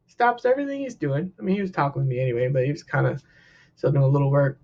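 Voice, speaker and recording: Man, counselor, casual storytelling, animated, husky voice, dull lo-fi sound. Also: brisk. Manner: animated, acts out quotes with big pitch jumps. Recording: dull lo-fi recording.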